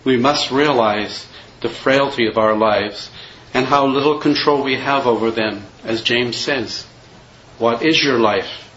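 A man preaching a sermon in a measured, earnest way, reading and quoting scripture verses. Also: mid-range voice, fairly bright tone, highs cut off, a little hiss or hum.

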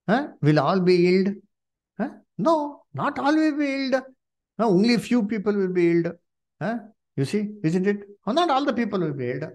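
A man preaching a sermon to his congregation, asking rhetorical questions and filling pauses with "you see" and "uh". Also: high voice.

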